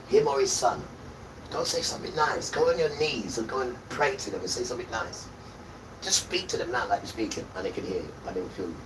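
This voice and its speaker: A man hosting a livestream, delivering a scolding, sermon-like rant full of repeated insults. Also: lowish voice. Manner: scolding, repetitive, hurls insults. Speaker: livestream host. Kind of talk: ranting sermon-like monologue. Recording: distant mic with loud background noise.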